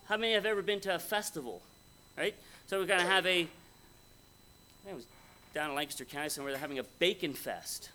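A man's voice: sits high, quick pace, sharp tone, a little hiss or hum. A man preaching a conversational, folksy sermon at a Bible conference, often asking his audience questions. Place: conference hall before an audience.

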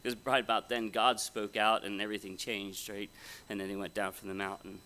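Folksy preacher with a bright voice. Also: male voice, fairly low pitch, flat delivery, fairly quick, slight background noise. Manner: conversational, folksy, asks the audience questions. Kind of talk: sermon. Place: conference hall before an audience.

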